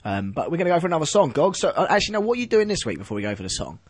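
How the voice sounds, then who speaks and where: A man's voice: a little high, very animated, rapid-fire, husky. A man hosting a podcast in a studio, chatting casually in a rambling, jokey way with frequent laughs. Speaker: podcast host. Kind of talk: casual chat. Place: radio studio.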